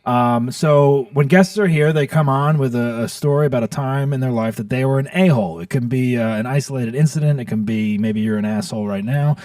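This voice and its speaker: A man's voice: mid-range voice, fairly quick, hardly any pauses, a little mellow, no echo, clean studio sound, recorded from a distance. A man hosting a comedy podcast, talking in a loose, rambling way with many ums and restarts. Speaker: podcast host. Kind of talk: casual podcast chat.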